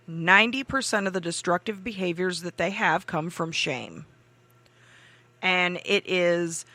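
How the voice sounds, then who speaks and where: A man's voice: sits high, sharp tone, dry recording. A man in a casual podcast chat, speaking bluntly and directly.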